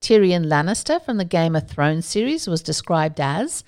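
A woman's voice: lowish voice, sing-song, moderate pace, hardly any pauses, darkish tone. A woman hosting a solo podcast, talking casually with playful asides and self-mocking jokes. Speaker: podcast host.

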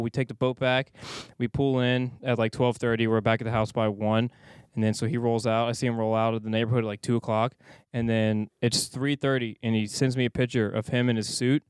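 A man's voice: mid-range voice, a little fast, smooth, no room sound. A man hosting a casual sports podcast, telling long rambling stories with plenty of swearing. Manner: rambling animated storytelling, profane. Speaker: podcast host.

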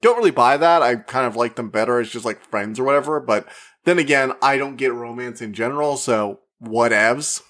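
A man's voice: medium pitch, fairly bright tone. Chatty man reviewing a movie. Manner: chatty, acts out quoted characters in quick put-on voices; rambling, with frequent fillers and restarts. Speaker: media reviewer. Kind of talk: casual spoken movie review.

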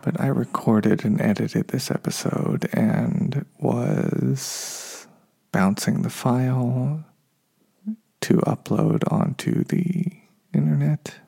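A man speaks alone on his podcast in a hushed, husky, deep-toned voice with a strong gravelly fry. He talks loosely and unscripted, often correcting himself along the way. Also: slow pace. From United States. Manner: unscripted, self-correcting, slightly frustrated. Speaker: podcast host. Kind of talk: solo podcast monologue.

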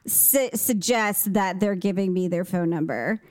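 A woman's voice: medium pitch, unhurried, a little mellow, no room sound. Woman co-host with a mid-range voice, candid and self-deprecating, laughing often as she chats. Her voice sounds close and dry, with no room around it. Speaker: podcast co-host. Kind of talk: casual chat.

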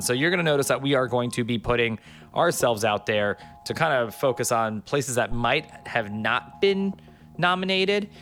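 A man's voice: mid-range voice, fairly bright tone. A man from Miami Beach hosting a podcast, talking in a loose, rambling, joking way with lots of fillers. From Miami Beach, Florida. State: a bit under the weather. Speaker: podcast host. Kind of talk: casual podcast chat.

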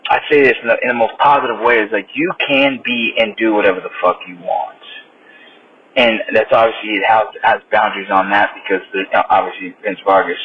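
Blunt, swearing man ranting on a podcast. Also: on the low side. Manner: blunt, swears constantly, frustrated. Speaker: podcast host. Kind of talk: profane motivational rant. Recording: slightly dull sound with faint noise.

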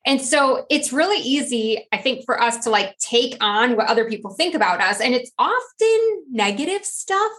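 A woman's voice: fairly high pitch, lively intonation, moderate pace, few pauses, fairly bright tone. A middle-aged woman from New Jersey, a podcast guest chatting casually and animatedly, acting out voices when she quotes people. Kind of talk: casual conversation.

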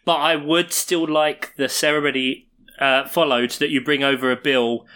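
Bright-voiced man joking casually. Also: fairly high pitch, fairly even intonation, normal speed, smooth. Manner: jokey, theatrical food orders. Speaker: podcast co-host. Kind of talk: casual chat.

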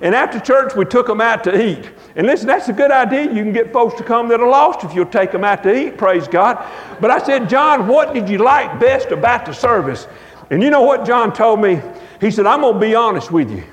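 A man preaching a revival sermon with a very high, ringing voice. He tells folksy stories and leans into words with a drawn-out cadence. The sound carries a long church-hall reverb. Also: expressive.

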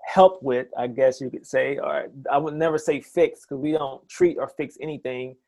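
A chiropractor talks eagerly in a casual interview, speaking in quick, enthusiastic bursts and often restarting his sentences. His medium-pitched voice is fairly even, darkish, and carries vocal fry.

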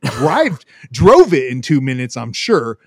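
A man's voice: medium pitch, slow, husky, dry recording, studio quality. A man telling a story in casual podcast chat, swearing a lot and acting out the voices of the people in it. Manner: profane, animated, acts out voices in his stories.

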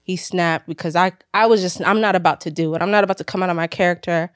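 A woman on a casual podcast chat, telling a lively story and acting out the voices of the people in it. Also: fairly low pitch, quick pace, no room sound, studio quality. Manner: animated storyteller, acts out quoted voices.

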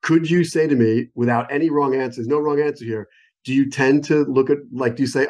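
Brisk and steady in tone, his mid-range voice is a little mellow. An American man serving as a wine expert guest on a phone call, he gives an enthusiastic, digressive, conversational interview explanation with lots of examples.

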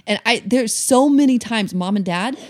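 A woman's voice: a little high, moderate pace. A woman co-hosting a casual chat, talking earnestly and urging her listeners. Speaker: podcast co-host.

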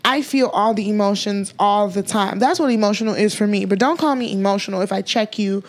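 A woman's voice: medium pitch, brisk. A young woman co-hosting a casual chat, frank and emphatic, with slangy asides. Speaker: podcast co-host.

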